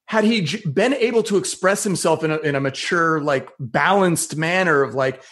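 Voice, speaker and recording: Guy with kinda high voice, earnest, casual podcast chat, lots of restarts. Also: moderate pace, a bit bright.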